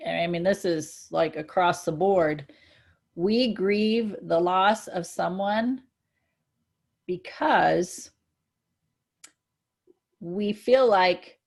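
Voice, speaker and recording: A woman co-hosting a casual spiritual chat, earnest and reflective, growing excited when she gives examples. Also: on the low side, drawn-out words, vocal fry, long pauses. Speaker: co-host.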